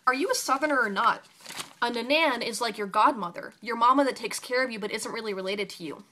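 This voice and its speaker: A woman's voice: on the high side, fast talker, sharp tone, a little hiss or hum. A woman voicing a sweet, motherly fellow patient who talks in a sing-song way.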